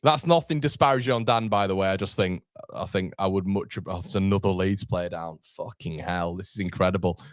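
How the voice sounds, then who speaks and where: Young guy hosting a footy watchalong, deep-ish voice, swears a lot, reads chat. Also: fairly quick, hardly any pauses, no room sound, studio quality. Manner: excitable, swears, chats to viewers. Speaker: football watchalong host. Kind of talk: live match reaction.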